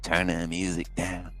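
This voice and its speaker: A man's voice: on the low side, a bit bright. A man hosting a live stream who chats loosely with his viewers and then poses as a polite recruiting coach on a prank phone call. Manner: loose, chatty, talks to live chat.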